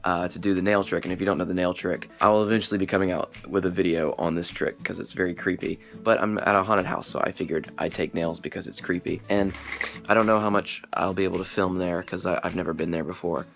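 A young man chats to his camera in an upbeat, joking way while he drives and packs up his gear. His voice is bright and forward, a little stuffy from a cold, picked up close by a headset mic. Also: low voice, fairly even intonation, quick pace, vocal fry, faint music behind. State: sick, stuffy nose. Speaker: vlogger and magician. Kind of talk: casual vlog talk. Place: outdoors and in a car. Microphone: headset microphone.

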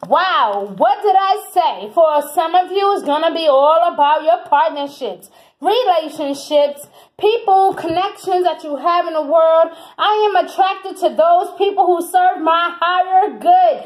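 A woman's voice: very high voice, rough recording. A woman giving a tarot reading in an exuberant, emphatic way, repeating phrases for emphasis. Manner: exuberant, emphatic, breaks into laughs and whoops. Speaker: tarot reader.

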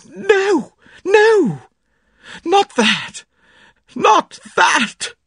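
Man putting on a shrill, frightened young woman. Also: big pitch swings, very slow, fairly bright tone, dry recording, clean studio sound, exaggerated voice. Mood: panicked. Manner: shrill, high, cries out.

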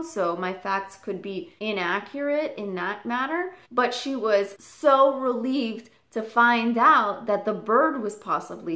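Bright-voiced woman telling a story. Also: mid-range voice. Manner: animated, speaks straight to the viewer. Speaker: parrot channel vlogger. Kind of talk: storytelling to camera. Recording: echoey room.

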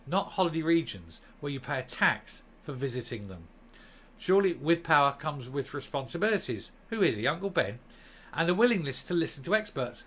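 Bright, sarcastic ranting man. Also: fairly high pitch. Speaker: channel host. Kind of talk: political opinion vlog.

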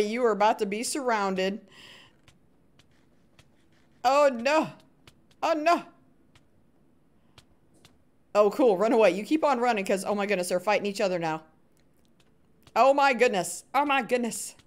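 An animated woman commentates her live game stream, chatting with viewers and cheering on the other players. Her voice swings freely up and down, and she fills quiet moments with hummed little sound effects. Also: a little high, moderate pace, pauses often. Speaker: gaming streamer.

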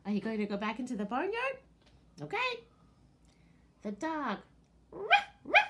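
A woman librarian leading a children's storytime and sing-along, animated and talking to her listeners as friends. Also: on the high side, moderate pace.

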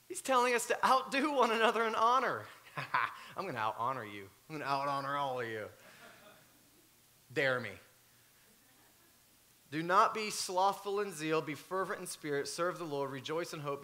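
A man, preaching a sermon and telling a story with lively swings between loud and hushed. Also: fairly high pitch. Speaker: pastor.

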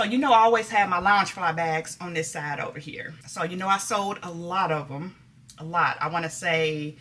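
A woman's voice: on the low side, bright, forceful tone. A middle-aged woman vlogging casually to camera, chatty and folksy, often laughing as she talks.

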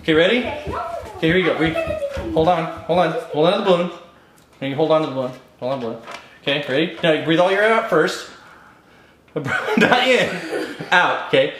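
Giggly dad coaching kids, echoey kitchen. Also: male voice, fairly high pitch, lively intonation, brisk, pauses often, a bit bright, slight background noise. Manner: chatty, giggly, coaxing instructions. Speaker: parent running a home experiment. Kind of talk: home video, coaching kids. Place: home kitchen.

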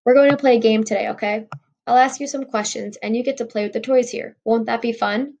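Woman putting on a booming condescending doctor. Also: fairly even intonation, slight background noise, lightly acted. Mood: patronizing. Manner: loud and slow, talking down. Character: large loud patronizing male doctor.

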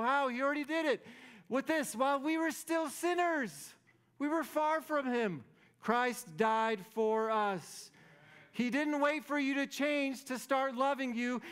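Guy pastor preaching, kinda high voice, really clear, casual and jokey, keeps saying right. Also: fairly bright tone. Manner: conversational, playful, keeps asking "right?". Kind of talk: sermon.

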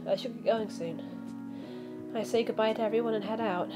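A woman's voice: a little high, normal speed. Woman reading a game aloud over music. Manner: animated, reacts with outbursts and asides. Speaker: let's play streamer. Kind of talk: reading a visual novel aloud. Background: background music.

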